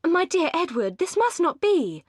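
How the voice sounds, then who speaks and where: Woman reading a fervent young heroine, high and loud, emphatic, storybook, dry sound. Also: lively intonation, moderate pace, no room sound. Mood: passionate. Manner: emphatic, gushing outbursts. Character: ardent, impulsive young woman.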